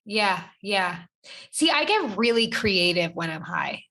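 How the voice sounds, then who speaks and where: A woman's voice: mid-range voice, sing-song, unhurried, bright, forceful tone. A woman co-hosting a podcast, chatting casually and rambling with lots of "like" fillers. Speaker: podcast co-host. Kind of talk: casual chat.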